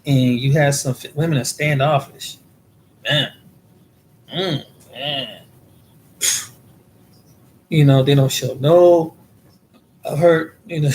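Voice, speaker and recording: A man's voice: a little high, fairly even intonation, slow pace, pauses often, a little mellow, a little hiss or hum. A man from the United States talking in a casual monologue, rambling and repeating words as he tells his experiences. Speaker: vlogger.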